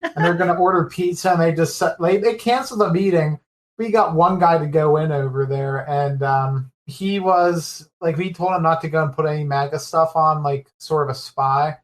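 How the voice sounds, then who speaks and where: A man's voice: on the high side, normal speed, low-quality recording. A young man co-hosting a casual talk show, explaining things hesitantly with many fillers. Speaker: podcast co-host. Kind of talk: casual chat.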